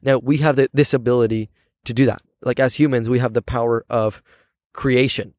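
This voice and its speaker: A man's voice: medium pitch, steady tone, moderate pace, darkish tone, dry recording, clean studio sound. A man hosting a podcast, talking things through in a reflective, casual way and often checking in with his listener. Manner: thoughtful, keeps checking in with "right?". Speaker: podcast host. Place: outdoors on campus steps.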